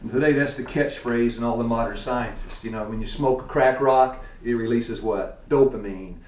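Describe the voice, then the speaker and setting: A man's voice: mid-range voice, normal speed, a little mellow. A man with a Tennessee accent teaching a church class, quizzing his students in a folksy way and chuckling often. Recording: echoey room, distant mic.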